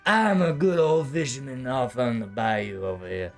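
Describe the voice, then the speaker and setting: A man's voice: medium pitch, moderate pace, gravelly, faint music behind, close to an everyday voice. A man voicing a boastful male bayou fisherman druid, telling a tale in a folksy drawl. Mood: boastful storytelling.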